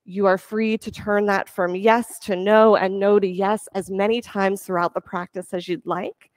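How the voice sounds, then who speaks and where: A woman yoga instructor giving calm, encouraging cues for breath and poses during a class. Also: mid-range voice, moderate pace, dry recording, clean studio sound.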